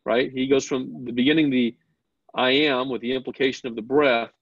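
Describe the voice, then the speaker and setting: A man's voice: mid-range voice, steady tone, moderate pace, husky, no echo, muffled recording. A man teaching a Bible class, explaining step by step, asking the class questions and often repeating words as he starts a sentence.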